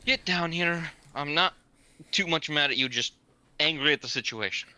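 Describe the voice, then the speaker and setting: A man's voice: on the high side, normal speed, bright, forceful tone, smooth. A man playing a tabletop game, matter-of-factly describing what his character does and says. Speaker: player.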